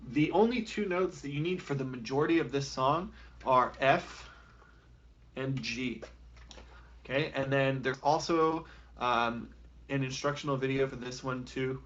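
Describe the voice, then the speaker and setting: A man's voice: mid-range voice, measured pace, fairly bright tone, highs cut off, a little hiss or hum. A man teaching a live online beginner flute lesson, talking casually and encouragingly with plenty of fillers. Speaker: music teacher.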